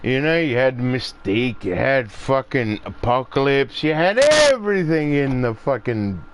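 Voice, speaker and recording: A man ranting casually and profanely as he plays, his voice jumping high when he gets riled up. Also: sing-song, unhurried. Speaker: gaming streamer. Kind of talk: casual rant while playing.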